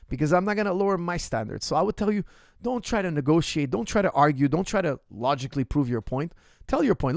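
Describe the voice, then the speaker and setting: A male coach holds forth in a Q&A monologue, blunt and emphatic, hammering the same point home and talking to the viewer directly. His voice sits a little high with a gravelly, creaky edge, recorded close and dry. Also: expressive, quick pace, no room sound. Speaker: martial arts coach. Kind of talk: ask-me-anything Q&A monologue.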